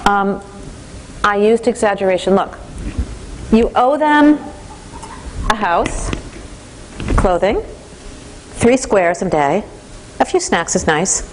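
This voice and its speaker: A woman's voice: medium pitch, slow pace, long pauses, noisy background. A woman giving a parenting training lecture to a class, telling stories and acting out voices. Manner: lively storytelling, acts out voices.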